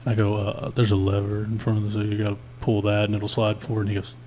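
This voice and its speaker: A man's voice: on the low side, monotone, fast, a little mellow, slight background noise. A man telling a long story in casual podcast chat, laid-back and profane. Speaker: guest storyteller.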